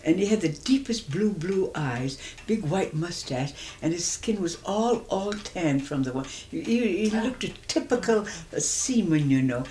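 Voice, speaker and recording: Old lady in her 80s spinning a story, lively, quotes folks as she goes, faint hiss behind. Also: lowish voice, unhurried, few pauses. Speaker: oral history interviewee. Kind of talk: reminiscing storytelling.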